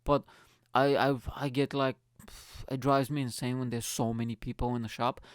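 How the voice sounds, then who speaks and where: A young man from Bulgaria hosting a comedy podcast, delivering a profane, animated, rambling monologue. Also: medium pitch, normal speed, clear, resonant tone, no room sound, studio quality.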